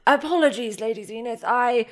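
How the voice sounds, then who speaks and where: A woman's voice: fairly high pitch, moderate pace, natural voice. A woman voicing a doting, effusive grandmother, an elder of an alien people, in a tabletop game. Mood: apologetic. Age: older.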